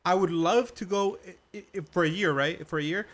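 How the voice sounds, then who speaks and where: A man co-hosting a podcast in casual chat, easygoing and halting, full of fillers. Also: sits high, a bit bright. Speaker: podcast co-host.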